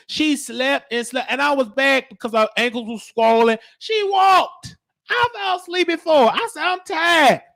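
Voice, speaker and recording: A man hosting his show, telling stories in a lively way and acting out the people he quotes. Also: very high voice, no room sound, studio quality. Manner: animated, acts out quoted voices. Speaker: show host. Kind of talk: storytelling.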